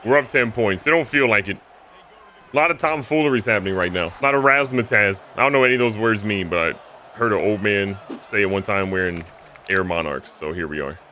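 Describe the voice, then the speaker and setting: A man commentating his own video game playthrough, jokey and excitable, switching between loud outbursts and low mutters. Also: brisk, slight background noise. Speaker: gaming YouTuber.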